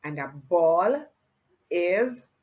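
A woman's voice: on the low side, animated, a little mellow, rough recording. A woman teaching a children's reading lesson, speaking to the child directly and encouraging them as she spells and counts. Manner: encouraging, slow and sing-song, addressing a child directly.

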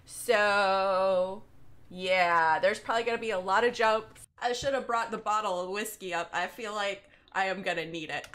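A woman's voice: mid-range voice, normal speed, fairly bright tone. A woman streamer playing a horror game, jumpy and nervous, gasping, shrieking and giggling at the scares. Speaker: gaming streamer. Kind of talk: let's play commentary.

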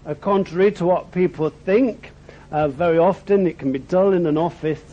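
A man's voice: high-pitched, normal speed. A middle-aged man with an Oxfordshire accent giving a humorous after-dinner testimony talk, with frequent ums. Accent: Oxfordshire English. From Berkshire, England. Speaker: speaker at a dinner. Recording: dull lo-fi recording.

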